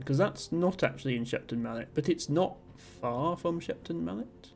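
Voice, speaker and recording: A man's voice: on the high side, lively intonation, moderate pace, vocal fry, slight background noise. A man with a generic Southern English accent chatting casually as a streamer, rambling and self-deprecating, reading out viewer messages. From Somerset, southwest England.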